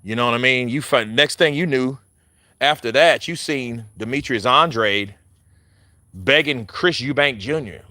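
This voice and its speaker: A male boxing commentator chatting casually, animated and profane, laughing often and addressing his viewers directly. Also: mid-range voice, a little slow. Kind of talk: casual chat.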